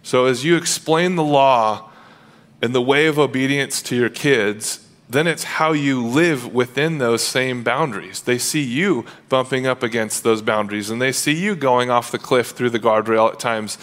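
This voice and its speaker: A man's voice: medium pitch, normal speed, fairly bright tone. A man preaching a sermon as pastor, earnest and conversational, acting out quoted dialogue along the way. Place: church sanctuary.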